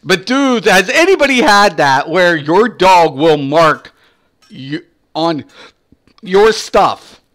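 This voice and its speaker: High-voiced, foul-mouthed gaming streamer man. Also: slow pace. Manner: profane, animated storytelling. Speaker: game streamer. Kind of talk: casual stream chat.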